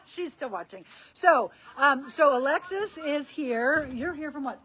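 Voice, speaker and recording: Speaking a little slowly with few pauses, this middle-aged woman has a high-pitched, expressive, fairly bright voice, though the recording is low quality. She is a personal trainer and life coach from the St. Louis area, Missouri, chatting casually on a live stream while demonstrating exercises.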